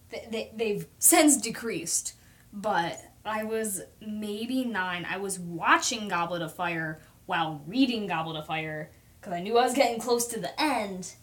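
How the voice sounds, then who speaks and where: A young woman chatting casually on a livestream while she paints, talking through her process, reading viewer comments aloud and poking fun at herself. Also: medium pitch. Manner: chatty, self-deprecating, reads out viewer comments.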